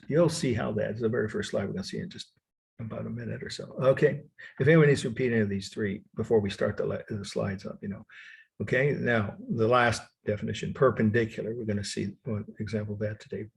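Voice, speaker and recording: Gravelly-voiced male art history lecturer. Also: on the low side, steady tone. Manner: repeats definitions slowly, self-correcting, chuckles. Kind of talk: online lecture. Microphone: computer mic on video call.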